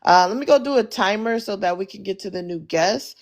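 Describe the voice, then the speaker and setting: A woman hosts a live audio panel. She reacts with exclamations and keeps things moving at a brisk pace. She sounds mid-pitched and plain. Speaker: host.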